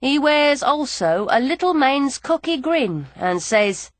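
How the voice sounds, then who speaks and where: Woman reading a novel out loud, playful, bouncy voice, dry close mic. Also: high-pitched, big pitch swings, takes it slowly, few pauses, no echo. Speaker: audiobook narrator. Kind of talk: first-person audiobook narration.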